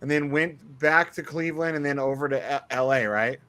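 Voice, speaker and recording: A man's voice: a little high, brisk, smooth. A man co-hosting a podcast in casual banter, swearing freely and joking sarcastically. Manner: profane, animated, sarcastic. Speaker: podcast co-host.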